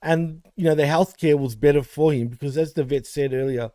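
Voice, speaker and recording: A man's voice: a little high, fairly quick, warm tone, dry recording. A man co-hosting a wrestling podcast, paying a rambling, heartfelt tribute to a late friend, full of fillers. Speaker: podcast co-host.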